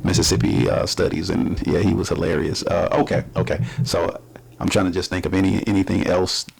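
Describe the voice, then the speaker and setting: A man hosts a casual faith-minded interview, asking long questions full of restarts and fillers. His voice is very deep, with a gravelly edge to it. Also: little pitch movement, darkish tone. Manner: rambling, halting, many restarts and fillers. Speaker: podcast host.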